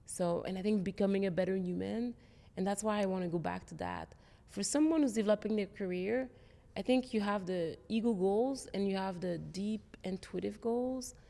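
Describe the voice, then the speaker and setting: Woman guest, gravelly, mellow tone, reverberant room; earnest career storyteller. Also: medium pitch, moderate pace. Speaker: guest, tech executive. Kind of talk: interview conversation.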